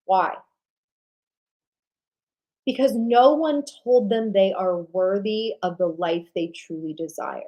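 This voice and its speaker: A woman hosting an online sales summit livestream, giving an emphatic motivational talk that repeats lines for emphasis and swings between loud punches and low, intimate drops. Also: slow pace, pauses often, poor audio. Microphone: livestream webcam mic.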